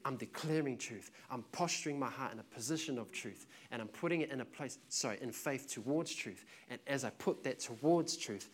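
A man's voice: medium pitch, fairly quick, hardly any pauses, slight background noise. A man preaching a sermon with passion and emphasis, telling a story to make his point.

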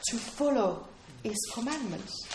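This is a woman preaching a sermon with earnest emphasis, repeating her key phrases, her somewhat high voice carrying a darkish tone. She speaks in an animated, unhurried way. The audio has a roomy hall echo and a slight hiss or hum.

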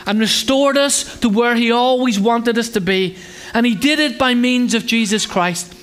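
A pastor delivers a friendly, conversational sermon with a notably high voice. He jokes, asks the congregation questions, and slips into childlike voices for little acted scenes. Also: moderate pace, a bit bright, clear, resonant tone. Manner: acts out children's voices in a higher pitch.

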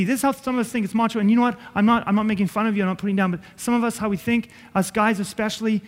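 A man's voice: high voice, racing, big-room sound. A man preaching a sermon as pastor, earnest and conversational, with self-deprecating asides.

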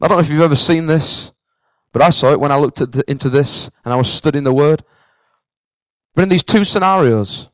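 A man's voice: on the high side, no echo, low-quality recording. A man preaching a sermon in an earnest voice that rises to fervent passion.

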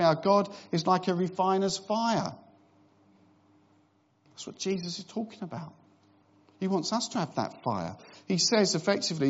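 A man's voice: high voice, breathy edge, muffled recording. A middle-aged man preaching a sermon in a conversational way, with wry humorous asides.

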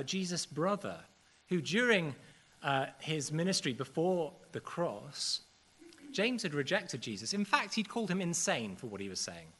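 A man preaching a sermon in a church service, earnest and measured, with occasional fillers. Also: a little high, fairly bright tone, slightly rough.

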